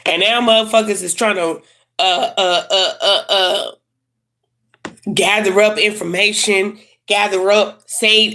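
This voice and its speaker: A woman's voice: medium pitch, a little slow, sharp tone. A woman giving a casual tarot reading to camera, blunt and slangy. She swears freely and repeats herself for emphasis. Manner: emphatic and repetitive. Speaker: tarot reader.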